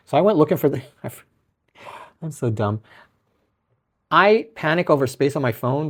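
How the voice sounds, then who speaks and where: A man's voice: medium pitch, a little mellow. A man hosting his own podcast, talking in a loose, rambling way with frequent restarts, laughs and casual swearing. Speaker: podcast host. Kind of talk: casual solo podcast monologue.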